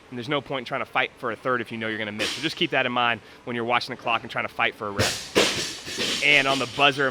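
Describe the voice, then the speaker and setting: A man coaching and commenting live on a workout in a gym, explaining technique and calling out times. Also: mid-range voice.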